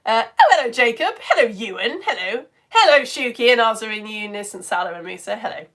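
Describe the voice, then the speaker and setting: Lively, chatty woman streaming live. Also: a little high, a little fast. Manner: chatty and effusive, reads comments aloud. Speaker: online science educator reading viewer comments. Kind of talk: casual live-stream chat.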